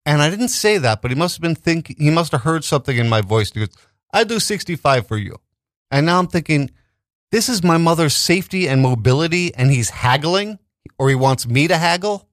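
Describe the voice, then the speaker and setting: A man telling a story in casual podcast chat, animated and profane, often restarting his sentences. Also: fairly high pitch, brisk, no room sound, clean studio sound.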